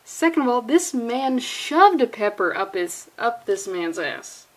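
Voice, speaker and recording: Higher-voiced woman doing a sarcastic, incredulous comic-reading commentary, often laughing through her words. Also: big pitch swings, a little slow, poor audio. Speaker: comic reviewer. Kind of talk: comedic comic-book reading.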